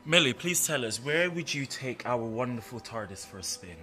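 A man's voice: medium pitch, lively intonation, normal speed, sharp tone, soft background music. A young man interviewing a guest in an enthusiastic, effusive, playful way. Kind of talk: playful promotional chat.

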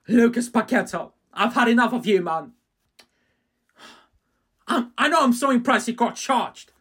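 A man with a husky, breathy voice rants through a reaction vlog. He swears freely and lurches between loud outbursts and low, muttered asides. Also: animated, a little slow, pauses often. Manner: ranting, swearing, swings from shouting to low mumbling. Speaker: fan reaction vlogger.

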